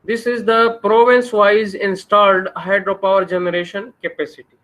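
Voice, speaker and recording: A man's voice: high-pitched, little pitch movement, normal speed, fairly bright tone, poor audio. A man with a Pakistani English accent giving a university engineering lecture, posing questions to the class and answering them himself.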